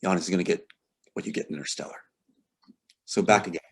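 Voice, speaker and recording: Talking fast in a low, husky voice, a man discusses his screenplay in a conversational interview. He's passionate and emotional, occasionally reading scenes aloud from the script, and his voice climbs sharply whenever he turns indignant.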